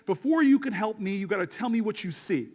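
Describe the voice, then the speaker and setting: A man's voice: sits high, lively intonation, a little fast, darkish tone. A man quoting a stern, wise elderly woman who scolds and counsels him firmly. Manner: firm, scolding, preacherly.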